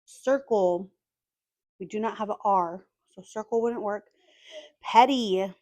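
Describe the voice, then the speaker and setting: A woman calmly narrating as she scratches lottery tickets, methodically spelling out letters one by one. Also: medium pitch, takes it slowly, no room sound. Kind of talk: calm scratch-and-reveal narration.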